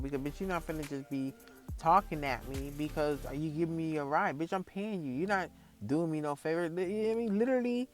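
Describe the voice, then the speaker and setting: A man in his early thirties ranting casually to camera, telling a heated story full of profanity and repetition, with faint music behind him. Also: on the high side. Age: early 30s. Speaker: vlogger.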